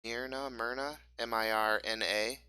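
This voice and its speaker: Halting game master with a bright voice. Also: male voice, mid-range voice, steady tone, clean tone, no room sound. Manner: halting, looking up details. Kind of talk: running a tabletop game.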